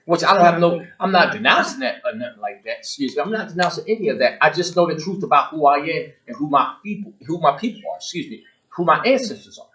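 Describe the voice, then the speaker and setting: Fiery, preachy man, slightly high voice. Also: lively intonation, fast talker, fairly bright tone, poor audio. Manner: blunt and emphatic, repeats points for force; preachy, addresses listeners directly. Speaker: show host. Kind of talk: ranting monologue to the audience.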